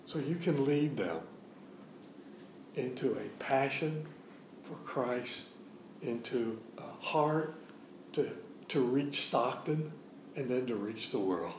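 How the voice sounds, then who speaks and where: A man's voice: mid-range voice, slow, pauses often, reverberant, a little hiss or hum, rough recording. A man giving a sermon as a guest preacher in a church, preaching in a conversational way and repeating phrases for emphasis. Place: church sanctuary.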